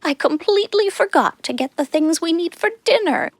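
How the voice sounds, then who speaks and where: A woman voicing a caring goat mother in a children's audio story, gently warning her kids about the rules. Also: very high-pitched, lively intonation, normal speed, no room sound, pitched above the performer's own voice.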